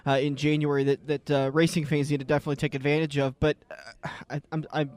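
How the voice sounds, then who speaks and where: A male show host interviews a guest in a loose, joking way, stumbling and restarting as he goes. His voice sits high for a man. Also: little pitch movement, quick pace, darkish tone. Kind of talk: casual interview chat.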